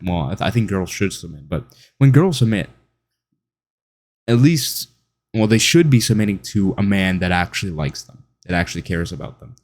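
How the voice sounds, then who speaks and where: A man's voice: fairly low pitch, darkish tone. A man delivering an opinionated, mocking monologue, now and then mimicking other people in whiny voices. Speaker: online commentator. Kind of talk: monologue to camera.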